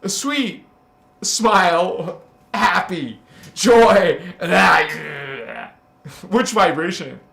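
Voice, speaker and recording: Slow, gravelly high-voiced man. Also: a bit bright, roomy sound. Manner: teasing, emphatic, laughs often. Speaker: host of a spiritual livestream. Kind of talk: casual livestream talk.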